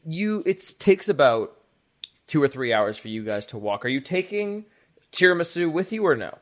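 A game master running a tabletop session, talking casually with lots of "like". His voice sits slightly high and swings widely. He sounds loose and animated. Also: normal speed. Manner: animated, filler-heavy, casual.

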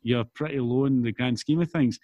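A man at a middle pitch shares earnest, measured opinions in a relaxed, conversational way. His voice is close and dry, with no echo. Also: dull audio. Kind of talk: casual chat.

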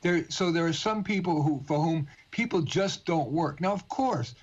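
A man's voice: a little high, moderate pace. A man with a New York and Californian accent, a guest author and career coach speaking on a phone line, joking at times and then earnest and explanatory. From United States. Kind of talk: phone interview.

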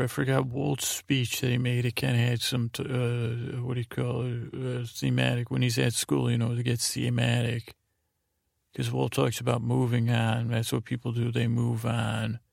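A man hosting a sleep podcast, recapping a show in a meandering, halting way with lots of fillers and restarts. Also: mid-range voice, completely flat delivery, gravelly, no echo, clean studio sound. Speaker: podcast host.

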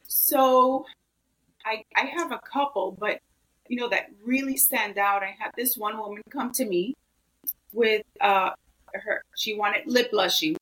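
A woman's voice: mid-range voice, a little slow, fairly bright tone, low-quality recording. A woman guest in an interview, talking earnestly with many "you know" fillers. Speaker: guest, esthetician. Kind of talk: interview answers, storytelling.

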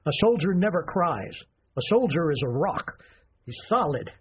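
An older man playing a proud, unbending grandfather who talks haltingly at first, then turns firm and lecturing. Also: on the high side, big pitch swings, slight background noise. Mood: stern. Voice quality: raspy.

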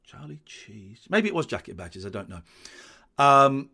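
A man's voice: mid-range voice, sing-song, normal speed, vocal fry, sharp tone, slightly rough. A man giving rambling, self-deprecating commentary over an old comedy show, with many restarts.

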